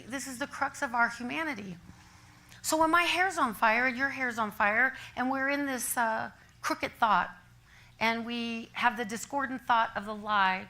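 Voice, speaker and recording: An older woman preaches at a church service with a bright, forceful voice pitched a little high. She tells her stories in an animated way, laughing often as she goes. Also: low-quality recording. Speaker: minister. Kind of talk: sermon.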